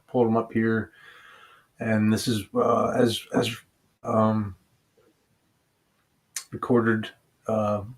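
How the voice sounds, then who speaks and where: A man talking casually about a song's meaning in a halting, hesitant way, often pausing and restarting. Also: on the low side. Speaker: vlogger discussing a song. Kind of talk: casual musing monologue.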